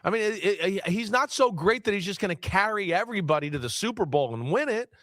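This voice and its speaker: A man gives sports commentary in a halting, hesitant way, with many restarts. His voice is fairly high for a man, and the recording is dry and close, with no room sound. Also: lively intonation, fairly bright tone, no echo. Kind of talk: sports talk show discussion.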